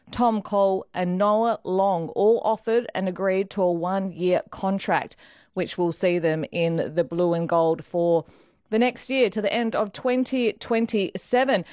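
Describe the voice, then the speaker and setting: A woman's voice: mid-range voice, darkish tone, no room sound, studio quality. A woman with an Australian accent hosting a sports radio show, bubbly and chatty. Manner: bubbly, chatty, laughs while talking. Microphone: studio microphone.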